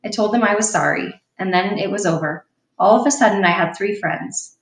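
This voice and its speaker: A woman's voice: medium pitch, a little fast. A woman reading a children's novel aloud in a plain, unpolished way, with a slip now and then. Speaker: audiobook reader. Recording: roomy sound from a distant mic.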